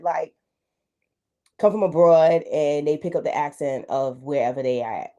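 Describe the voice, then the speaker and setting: Brief: middle-aged New York woman host, deep dark voice, slangy and emphatic. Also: unhurried. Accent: New York African American English. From United States. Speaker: reaction video host. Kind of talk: casual reaction commentary.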